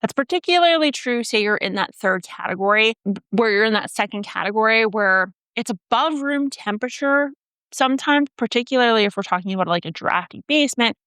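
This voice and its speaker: A woman's voice: fairly high pitch, lively intonation, a little fast, fairly bright tone, clean tone, no echo, clean studio sound. A woman hosting a gardening channel, giving casual instruction with joking asides. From Canada. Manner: chatty, joking asides, listing items. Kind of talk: casual instructional talk to camera.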